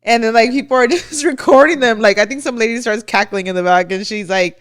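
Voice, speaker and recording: A woman's voice: on the high side, fairly quick. A woman co-hosting a podcast, gossiping animatedly with lots of "like" and casual swearing. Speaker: podcast co-host. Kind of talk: casual chat.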